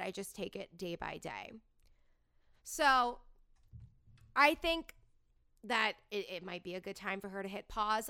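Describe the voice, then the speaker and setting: A young adult woman hosting a podcast, chatting casually and full of fillers and quick asides. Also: on the high side, sharp tone, smooth. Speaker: podcast host. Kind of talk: casual chat, reality TV gossip.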